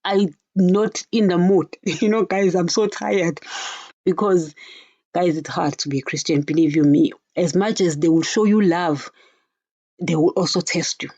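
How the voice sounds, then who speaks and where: A woman's voice: fairly low pitch, normal speed, mellow, husky, no echo, lo-fi sound. A woman preaching informally on a podcast, earnest and direct, often turning to her listeners with "guys" and "you know".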